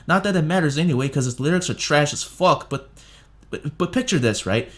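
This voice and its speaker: A man's voice: fairly high pitch, expressive, brisk, husky. A man ranting through a blunt, sarcastic review of songs, swearing heavily. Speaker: music reviewer. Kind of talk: profane ranting review monologue.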